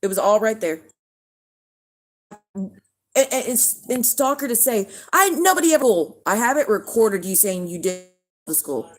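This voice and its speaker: A woman's voice: fairly high pitch, lively intonation, moderate pace, pauses often. A woman hosts a casual livestream. She rants in a heated way, swears often and calls out viewers by name. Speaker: livestream host.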